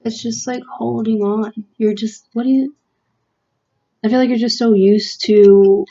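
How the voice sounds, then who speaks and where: A woman gives a casual tarot reading in an unhurried, searching way, full of "um"s and restarts. Her voice is soft and mellow, and she sounds earnest and close to emotion. The recording is a little muffled and lo-fi. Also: fairly high pitch, steady tone. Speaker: tarot reader.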